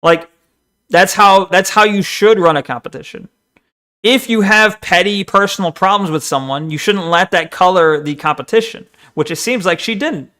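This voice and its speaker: A young man live-streams his reaction to a video, venting in an exasperated, profane way. His voice sits a little higher than most men's. He talks loosely and casually, like he's arguing with the screen. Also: normal speed, sharp tone.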